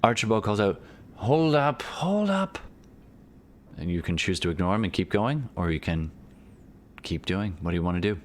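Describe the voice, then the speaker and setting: Deep-voiced man running a tabletop game. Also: fairly even intonation, a little fast, a little hiss or hum. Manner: meandering, many fillers and restarts. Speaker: game master.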